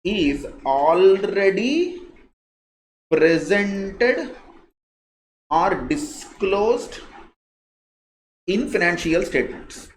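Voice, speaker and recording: A man with an Indian English accent teaches a live class, leaning on his points by repeating them. His pitch swings widely as he stresses words. The sound is roomy and echoey, with a little background hiss. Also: expressive, extremely slow, long pauses. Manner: repeats key phrases, emphatic, conversational. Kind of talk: live online lecture. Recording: echoey room, faint noise.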